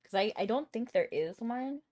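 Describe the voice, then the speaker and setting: A woman's voice: on the high side, lively intonation, moderate pace, darkish tone. A woman live-streaming a game, chatting casually and answering her chat, with a cough now and then.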